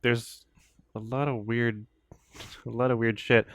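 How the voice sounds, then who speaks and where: A man's voice: mid-range voice, little pitch movement, unhurried, dry recording, clean studio sound. A man co-hosting a podcast, chatting casually about a film, rambling and laughing often. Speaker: podcast co-host.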